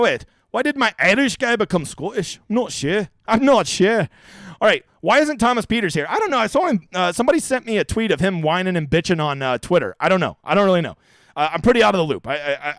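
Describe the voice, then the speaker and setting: A young man hosting a fantasy golf live stream fields chat questions with brash, joking, crude banter. His voice sits high, and the recording has no echo.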